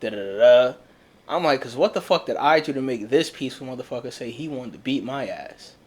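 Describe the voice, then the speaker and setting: A young man talks openly and bluntly, swearing freely as he recounts his own hard times. He tells it in an animated, conversational way at a middle pitch. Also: brisk. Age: young adult. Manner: blunt, profane, animated storytelling. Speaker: podcast co-host. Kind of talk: casual candid chat.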